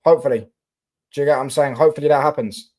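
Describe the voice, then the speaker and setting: A young man is live-streaming about football, his mid-range voice racing along with a darkish tone. He chats casually and answers viewer comments, full of fillers and restarts.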